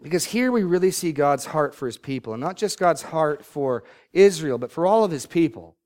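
A man's voice: a little high, expressive, darkish tone. Emphatic preaching man. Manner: preaching with rising emphatic bursts on scripture; hurried asides to the congregation. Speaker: pastor. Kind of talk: sermon.

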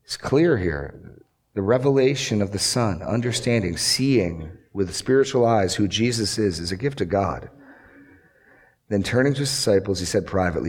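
A man's voice: lowish voice, expressive, moderate pace, husky. A male pastor preaching an earnest sermon, asking rhetorical questions and repeating key lines for emphasis.

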